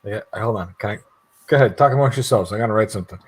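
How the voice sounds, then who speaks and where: A man's voice: on the low side, very fast, breathy edge, low-quality recording. A middle-aged man rambling and laughing in casual chat on a video call, swearing freely. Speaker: guest YouTube creator.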